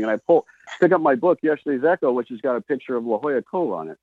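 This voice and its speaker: A man telling an animated story over the phone. He talks fast and plays every part in the conversation himself. The line is tinny and dry, with no room sound. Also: medium pitch, dry recording. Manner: animated, acts out both sides of dialogue. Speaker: phone-in guest author. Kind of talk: casual storytelling.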